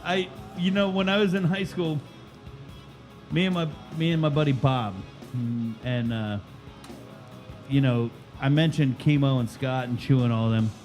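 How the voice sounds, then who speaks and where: A man's voice: medium pitch, unhurried, a little mellow, faint music behind. A man hosting a casual podcast chat, telling stories with lots of swearing and laughter. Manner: profane, laughing storyteller. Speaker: podcast host, chef and teacher.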